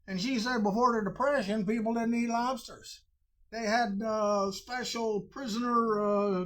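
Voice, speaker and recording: A man's voice: very high-pitched, a bit bright. A man, hosting a cooking show in a folksy, rambling way. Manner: folksy, drawling, with frequent uh fillers.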